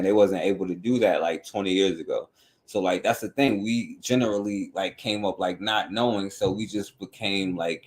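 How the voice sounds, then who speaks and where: A man hosting a talk radio show, rambling casually and filling every phrase with "you know what I'm saying.". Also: low voice.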